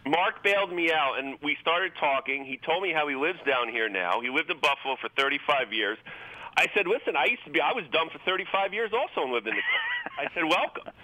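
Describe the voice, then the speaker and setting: A man telling a funny story on a radio show, animated and joking. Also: fairly high pitch, brisk, rough recording.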